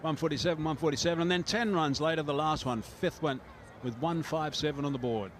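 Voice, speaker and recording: A man's voice: fairly high pitch, normal speed, a little hiss or hum. Easygoing male cricket commentator. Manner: relaxed and explanatory, with frequent fillers. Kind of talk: live sports commentary.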